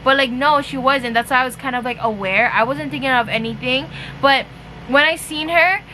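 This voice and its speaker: A woman's voice: high voice, moderate pace, pushed and bright, slight background noise, low-quality recording. A young woman telling a casual storytime, chatty and profane, full of "like" and "you know". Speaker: vlogger.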